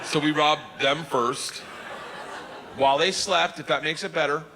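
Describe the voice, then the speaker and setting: Male stand-up comic, high-ish voice with big loud bursts, live hall reverb. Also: unhurried, very noisy. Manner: animated, loud bursts when quoting himself. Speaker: stand-up comedian. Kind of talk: stand-up storytelling. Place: comedy stage.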